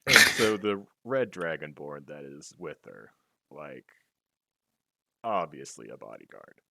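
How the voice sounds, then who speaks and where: A man with a very low voice, recorded close and dry, talks his way through a tabletop game. He is cocky, swears freely, and fills his turns with jokes. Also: lively intonation, slow, gravelly, sharp tone, no room sound. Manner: joking, profane, cocky. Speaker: player. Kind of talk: casual tabletop game chat.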